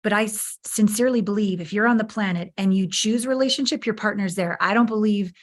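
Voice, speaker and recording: A candid woman in her fifties talks openly in a podcast interview, emphatic and expressive. Her voice sits at an ordinary middle pitch, and she swears without hesitation. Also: a little fast. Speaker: guest, intimacy coach.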